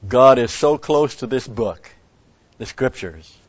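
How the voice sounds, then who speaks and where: A man's voice: medium pitch, takes it slowly, dry recording. A man giving a rambling Bible teaching, stressing key words and restarting his sentences. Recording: dull lo-fi recording.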